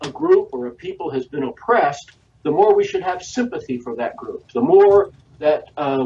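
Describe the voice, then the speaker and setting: A man speaking as a guest historian in a radio interview, delivering measured, lecturing answers full of long lists and "uh" pauses. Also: a little high, a little mellow. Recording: distant, dull lo-fi radio audio.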